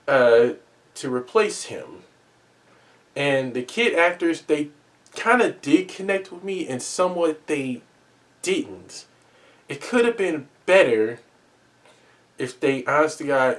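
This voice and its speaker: A man giving a casual spoken movie review, talking earnestly, often repeating and restarting his words and making pleading asides. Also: fairly high pitch.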